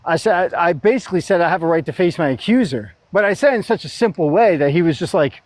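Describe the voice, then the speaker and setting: Animated storytelling man. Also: high-pitched, fast talker, hardly any pauses. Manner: animated storyteller, acts out quotes and laughs. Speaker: guest sharing a court story. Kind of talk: casual group chat.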